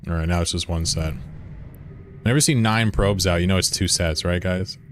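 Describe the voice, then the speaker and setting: A man with a low voice talks loosely to his stream chat while he plays. He rambles from one thing to the next and swears freely. It sounds like he is at a desk mic in a room at home. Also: a little fast, slight background noise. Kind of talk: casual live-stream chat while gaming.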